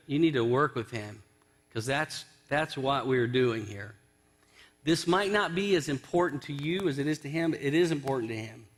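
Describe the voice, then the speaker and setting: A man's voice: a little high, husky. A male pastor giving a conversational sermon in a church, telling a story and acting out its quotes. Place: church sanctuary.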